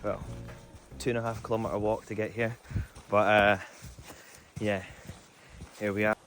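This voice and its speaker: A man with a low voice chats to camera while hiking outdoors. He rambles and pokes fun at himself, sounding slightly winded from the walk. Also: level tone, measured pace, a bit bright, faint music behind. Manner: chatty, rambling and self-deprecating. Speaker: van life vlogger. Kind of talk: casual vlog talking to camera. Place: outdoors on a coastal hiking trail.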